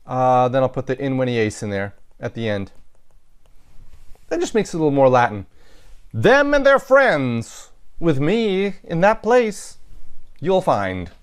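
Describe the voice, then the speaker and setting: A man's voice: mid-range voice, big pitch swings, measured pace, pauses often, clean tone. A man teaching a recorded Latin lesson, thinking aloud as he works through sentences, with frequent restarts and self-corrections. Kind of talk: recorded lecture.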